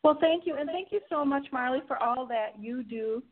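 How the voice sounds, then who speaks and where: A woman guest chats on a podcast in an encouraging, friendly way. Her voice is high, and it comes through a narrow, tinny phone line. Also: normal speed. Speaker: guest knitting instructor. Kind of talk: casual chat.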